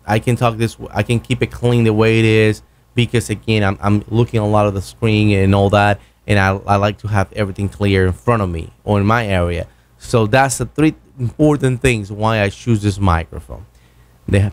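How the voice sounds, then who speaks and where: Rambling man reviewing podcast mics. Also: mid-range voice. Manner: rambling, self-correcting, enthusiastic. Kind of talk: casual gear review. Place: home studio. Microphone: broadcast dynamic mic, close.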